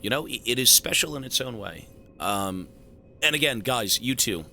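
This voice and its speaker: A male streamer riffs with his chat, cursing and teasing as he thanks donors. His voice is strikingly bright and edged. His pitch swings up and down constantly as he talks. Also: normal speed, gravelly, a little hiss or hum. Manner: animated, profane, joking banter with chat.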